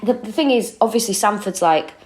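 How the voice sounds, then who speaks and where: A woman's voice: medium pitch, brisk, darkish tone. A woman co-hosting a true-crime comedy podcast, retelling a case casually and expressively, with frequent exclamations.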